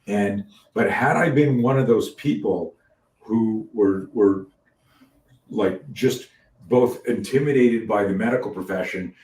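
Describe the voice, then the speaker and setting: A man with a lowish voice hosts a casual podcast chat, animated and profane, circling back through false starts as he tells a story. He sounds set back from the mic, and his voice rings in an echoey room. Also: a little slow, recorded from a distance. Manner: animated storyteller, swears freely, many restarts. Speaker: podcast host.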